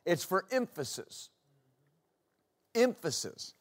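A male pastor preaching a sermon, slow and emphatic, repeating key phrases and building to loud exclamations. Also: high-pitched, big pitch swings. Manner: rises to loud exclamations at climaxes.

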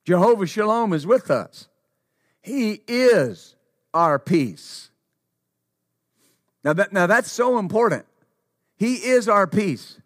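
A male preacher with a notably high voice delivers a sermon at a slow, deliberate pace. He drives his points home by repeating short phrases. The sound is dry, with no room echo. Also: lively intonation, fairly bright tone. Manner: emphatic, repeats phrases for stress.

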